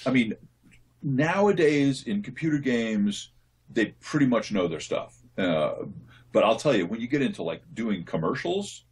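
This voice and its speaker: A man, a voice actor, answering interview questions in a relaxed, thoughtful way, often restarting his sentences as he explains. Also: medium pitch, a little slow, breathy edge. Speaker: voice actor guest.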